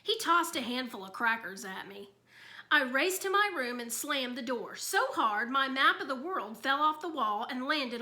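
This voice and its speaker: Bright, high-voiced woman reading aloud. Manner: expressive storytelling. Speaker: reader. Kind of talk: reading a children's book aloud.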